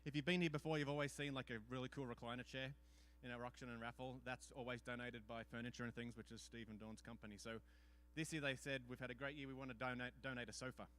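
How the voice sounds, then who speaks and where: A man's voice: mid-range voice, steady tone, fast, few pauses, a bit bright. A man hosting an event, making loose, chatty announcements from the stage. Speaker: event host.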